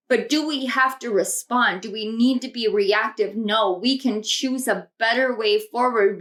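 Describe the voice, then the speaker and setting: A woman's voice: high-pitched, a bit bright. A young adult woman giving an intuitive tarot reading to camera, earnest and reflective, often repeating her phrases. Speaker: tarot reader.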